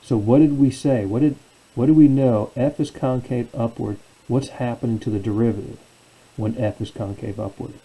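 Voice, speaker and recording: A man's voice: mid-range voice, fairly even intonation, moderate pace, mellow, husky, low-quality recording. A man teaching a calculus lesson as a professor, asking questions and answering them himself. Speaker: math professor. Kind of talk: calculus lecture.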